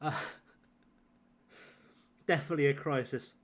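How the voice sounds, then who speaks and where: A man's voice: mid-range voice, fairly even intonation, slow. A young man streaming a game, chatting casually in a rambling, self-deprecating way and chuckling often. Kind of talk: casual gaming livestream chat.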